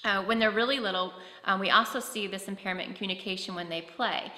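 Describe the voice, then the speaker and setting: A woman's voice: medium pitch, fast talker, bright, forceful tone. A woman giving a conference talk, conversational, with frequent fillers and restarts. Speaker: presenter on autism. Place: conference hall. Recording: echoey hall with long reverb.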